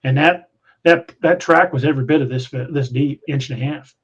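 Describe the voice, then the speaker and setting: A man's voice: fairly high pitch, normal speed, breathy edge. A man hosting a podcast in casual chat, telling a story in a rambling way with frequent restarts. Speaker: podcast host. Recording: muffled lo-fi audio.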